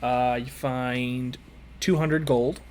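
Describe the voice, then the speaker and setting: A man narrating as game master, relaxed and halting with fillers. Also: mid-range voice, a little hiss or hum.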